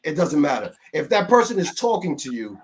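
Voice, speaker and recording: A man's voice: a little high, very animated, fairly quick. A man co-hosting a podcast, asking questions and reasoning through points. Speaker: podcast co-host. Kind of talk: casual group chat. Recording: noisy background.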